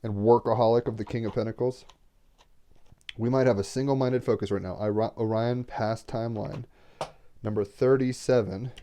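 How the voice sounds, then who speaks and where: A man's voice: medium pitch, steady tone, normal speed, mellow, slight background noise. A man doing a casual tarot card reading, rambling and getting emotional as he talks, swearing freely.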